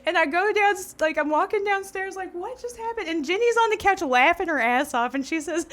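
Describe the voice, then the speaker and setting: Bright high-voiced woman storyteller. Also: fairly quick, few pauses, slight background noise. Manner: animated, laughing, swearing freely. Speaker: podcast co-host. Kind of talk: casual chat, storytelling.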